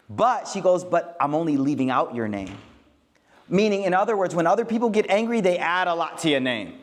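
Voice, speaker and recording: Man giving a lively, slangy talk. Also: sits high, a little fast. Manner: lively and joking, with street slang. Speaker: Islamic speaker. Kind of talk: casual talk to a live audience.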